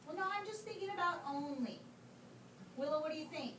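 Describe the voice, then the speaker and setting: A woman teacher coaxing young pupils through a writing lesson, asking questions and reading words aloud slowly. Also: high voice. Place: classroom. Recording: roomy, distant, noisy classroom.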